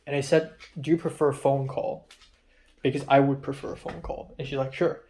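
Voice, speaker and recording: A man's voice: mid-range voice, normal speed, a little hiss or hum. A young man recording a diary-style vlog, rambling and frustrated, swearing often as he retells an argument. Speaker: vlogger.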